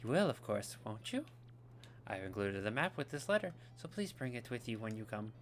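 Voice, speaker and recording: A man's voice: mid-range voice, very animated, moderate pace, a little hiss or hum, lightly acted. A man voicing a princess reading out her letter in a sweet, coaxing way. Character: gracious young princess writing a letter.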